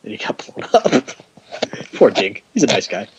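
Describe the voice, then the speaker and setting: A man with a fairly low voice hosts a podcast, speaking a little slowly against a noisy background. He tells stories in casual chat, animatedly acting out quotes and laughing often.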